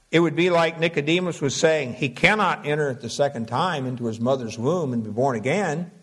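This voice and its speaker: Slow, deliberate preacher man, higher voice. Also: a bit bright. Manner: measured teaching, slows to dwell on key words; reads scripture aloud in King James wording. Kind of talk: expository sermon.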